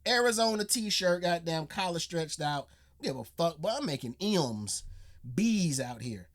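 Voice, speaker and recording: A man hosting a reaction video, talking in an animated, slangy, profane way. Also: a little high, a little slow. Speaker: reaction channel host. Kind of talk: casual reaction commentary.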